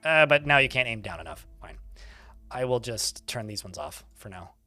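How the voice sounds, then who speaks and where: A man's voice: medium pitch, pushed and bright, dry recording, clean studio sound. A man giving casual, chatty commentary while playing a game, laughing often and swearing offhand.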